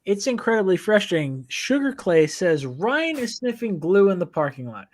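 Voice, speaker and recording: This man's voice is high-pitched and very animated, though his pace is normal. He's a podcast host running a casual home live stream from downstairs, joking around and reading viewer comments aloud, recorded on his phone.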